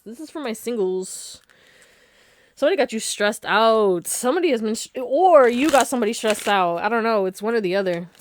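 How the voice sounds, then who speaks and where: A tarot reader with a medium-pitched voice gives a casual pick-a-card reading, chatty and laughing often as she tosses slangy asides to her viewers. There's slight background noise.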